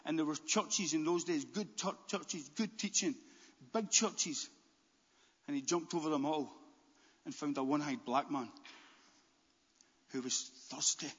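A man preaching a sermon as pastor, animated, with stammered restarts and bursts near a shout. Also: fairly high pitch, measured pace, pauses often, breathy edge. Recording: dull, long-echo church hall.

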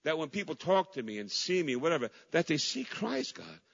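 A middle-aged male pastor delivers a fervent sermon in a fairly high, creaky, breathy voice, a little fast and very animated, jumping from ringing cries to near whispers and repeating phrases for weight. The recording is dull and muffled, his words trailing into the long echo of a large church hall.

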